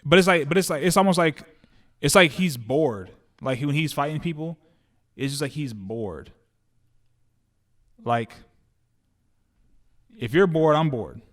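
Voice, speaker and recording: A man co-hosting a podcast in casual chat about movies and shows, animated and slangy, repeating words and restarting his sentences often. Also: a little high, unhurried, long pauses. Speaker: podcast co-host.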